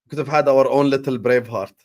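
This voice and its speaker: A young man hosting a football watchalong stream, chatting casually in a rambling, joking way with slang and swearing, sometimes mumbling low in mock sadness and sometimes shouting at the match. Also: fairly even intonation, fast talker, no echo. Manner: drops to low mock-sad mumbles, then loud bursts at match action. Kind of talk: casual live-stream chat.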